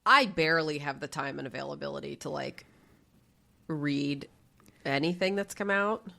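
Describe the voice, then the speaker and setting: A woman co-hosting a podcast, telling stories in a chatty, animated way. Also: sits low, moderate pace, vocal fry. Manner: chatty, animated storytelling, frequent fillers and swearing. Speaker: podcast co-host. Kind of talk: casual chat.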